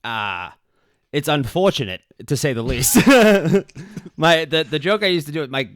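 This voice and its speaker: A man with a strong Boston accent, a guest comedian chatting casually on a podcast, animated and quick to laugh. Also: fairly high pitch, no room sound, clean studio sound. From Massachusetts, USA. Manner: animated, laughs often, rambling.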